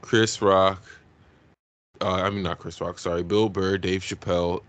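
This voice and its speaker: A man co-hosting a podcast in casual chat, full of slang and eager shout-outs. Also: deep voice, steady tone, a little slow. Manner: enthusiastic, gives shout-outs, uses slang. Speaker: podcast co-host.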